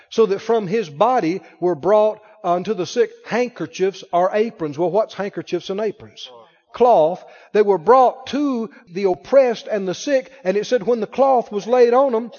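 High-pitched and slightly mellow, this man is a pastor delivering an emphatic sermon, playing the characters in his story for the congregation. The recording, made in a reverberant church hall, sounds dull.

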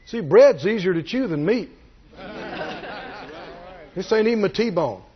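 A man preaching a sermon, animated and folksy, swinging from low asides to shouted peaks. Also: measured pace, highs cut off. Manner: folksy, jokes with the congregation.

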